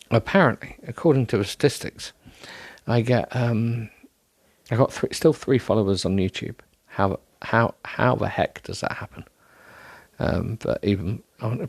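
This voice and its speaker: On a dry recording, a tired, yawning man with a lowish, creaky voice and a breathy edge rambles through his solo podcast. The monologue is casual and self-deprecating, packed with ums and false starts.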